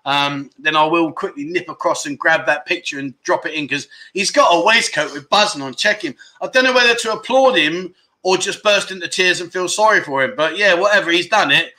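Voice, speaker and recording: A man hosts a livestream, reading viewers' comments aloud and teasing them in cheeky, casual banter. His voice is on the high side and sharp in tone, and he speaks a little fast.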